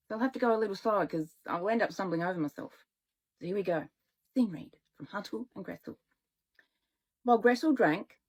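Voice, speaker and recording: A woman and children's author reading her own story aloud in a relaxed way, now and then correcting herself. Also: on the high side, poor audio.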